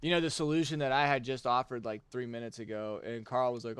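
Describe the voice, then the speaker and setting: A man's voice: mid-range voice, fairly even intonation, fast talker, a bit bright, smooth, no echo. A young man, chatting casually on a game stream and venting profanely about work. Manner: profane, ranting, venting frustration. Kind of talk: casual gaming stream chat.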